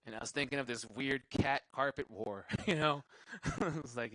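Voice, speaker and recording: A man's voice: mid-range voice, quick pace, fairly bright tone, no echo, low-quality recording. A young man doing a stand-up comedy set, rambling, cursing freely and laughing at his own jokes. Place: live show venue.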